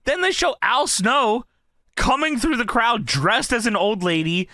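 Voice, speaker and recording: A man's voice: very high voice, expressive, a little slow, bright, forceful tone, dry recording, clean studio sound. A young man in a casual, profane chat, laughing as he retells scenes. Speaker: commentator.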